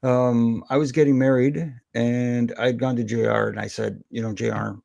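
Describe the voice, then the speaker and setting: Gravelly middle-aged man telling stories. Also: mid-range voice, normal speed, no echo, dull audio. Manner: animated anecdotes with quoted voices. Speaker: former wrestling referee, guest. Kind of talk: storytelling in a podcast interview.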